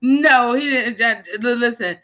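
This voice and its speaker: A woman's voice: fairly high pitch, a little slow. A woman hosting a casual livestream, chatting loosely, swearing freely and reacting to songs as they play. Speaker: livestream host. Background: loud music playing.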